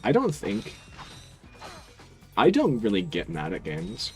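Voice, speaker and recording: A man's voice: fairly low pitch, wildly swooping pitch, slow pace, a little mellow, faint music behind. A man streaming a video game, chatting casually with his viewers in a laid-back, dry, teasing way. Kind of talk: casual stream chat while gaming.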